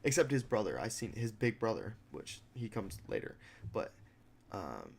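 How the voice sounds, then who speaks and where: Young man, podcast host, gravelly voice, casual profane storytelling, acts out other people. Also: on the low side, wildly swooping pitch, moderate pace. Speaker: mixed martial arts fighter.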